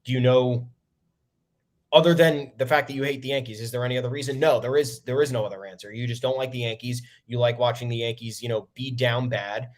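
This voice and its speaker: A man's voice: mid-range voice, steady tone, brisk. A young man hosting a solo sports podcast, ranting bluntly with frequent swearing and many "um" fillers. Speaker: podcast host.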